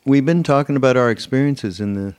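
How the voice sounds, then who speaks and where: A man co-hosting a podcast, talking in a relaxed and rambling way. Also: mid-range voice, brisk, clear, resonant tone, dry recording. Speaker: podcast co-host. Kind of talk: casual conversation.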